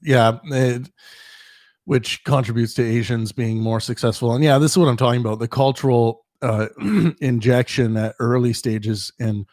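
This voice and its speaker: A man's voice: medium pitch, a little mellow, dry recording, clean studio sound. Rambling man hosting a livestream Q&A. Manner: rambling, with frequent restarts and chuckles. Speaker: host answering viewer questions. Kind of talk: casual livestream Q&A.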